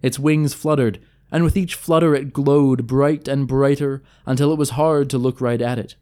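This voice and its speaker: A man narrating a fantasy tale from a tabletop campaign in an expressive, measured reading. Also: mid-range voice, clear, resonant tone.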